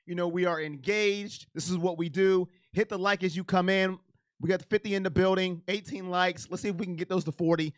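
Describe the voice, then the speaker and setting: A man hosts a casual live stream in a slightly raised voice. He sounds emotional and animated, and he greets chatters by name. The recording is close and dry, with almost no room sound. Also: high voice, a little fast, no echo. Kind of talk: casual live chat about football.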